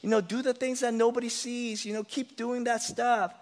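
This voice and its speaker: A pastor voicing sin as a coaxing old master who whispers temptation in a low, hushed way. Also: male voice, level tone, moderate pace, in a large hall.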